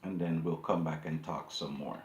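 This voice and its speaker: A man's voice: rumbling low, steady tone, moderate pace, reverberant. A man hosting his own channel, talking straight to his viewers in a casual, indignant monologue that repeats itself. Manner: indignant, preachy, repeats himself. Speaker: YouTube channel host.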